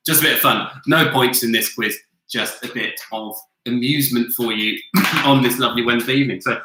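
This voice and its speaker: A man hosting a virtual pub quiz from home, talking in a loose, sweary, chatty way. His voice is very bright and sharp-edged. It carries a roomy echo from the room around him. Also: medium pitch, steady tone, fairly quick, a little hiss or hum. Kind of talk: casual online quiz hosting. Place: home, with a flatmate nearby.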